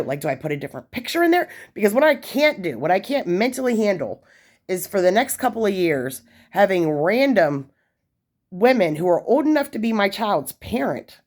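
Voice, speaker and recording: A woman in her forties telling a story in a chatty, casual way, with lots of fillers and asides. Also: lowish voice. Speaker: vlogger sharing prison experiences.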